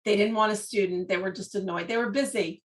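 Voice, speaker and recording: A woman co-hosting a podcast, telling a story in a lively way and often laughing mid-sentence. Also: medium pitch, quick pace, far from the mic. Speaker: podcast co-host. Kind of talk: casual storytelling chat.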